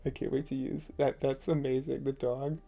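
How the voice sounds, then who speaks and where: A man's voice: mid-range voice, flat delivery, normal speed, creaky, dark tone. A man hosting a live stream, chatting casually with viewers and answering their comments in a rambling, jokey way full of fillers and chuckles.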